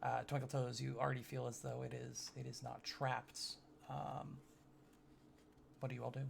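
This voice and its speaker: A man's voice: mid-range voice, flat delivery, moderate pace, creaky, a little hiss or hum. A man narrating a tabletop game as game master, rambling with fillers and joking asides.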